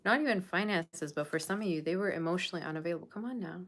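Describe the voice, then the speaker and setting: A woman's voice: on the low side, very fast, a bit bright. A woman tarot reader talking casually to her viewers, blunt and sassy, scolding them about their standards. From Persian Russian background. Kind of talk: casual tarot reading monologue.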